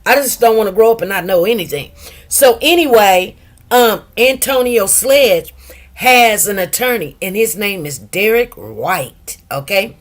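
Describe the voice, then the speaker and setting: A woman's voice: mid-range voice, expressive, measured pace. A middle-aged woman chatting casually on a livestream, greeting viewers by name and stretching out some words. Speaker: livestream host.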